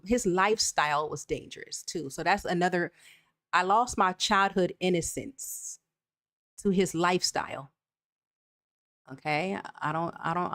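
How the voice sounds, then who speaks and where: A woman's voice: on the low side, no echo, clean studio sound. A woman hosting a live check-in, reading viewer comments and talking candidly and directly to her audience. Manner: candid, talks straight to viewers with "y'all". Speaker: channel host.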